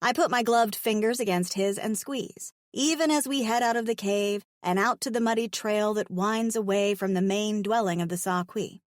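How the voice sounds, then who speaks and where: A woman's voice: mid-range voice, moderate pace, few pauses, dry recording, clean studio sound. A woman narrating a first-person romance audiobook in a frank, wry, playful way.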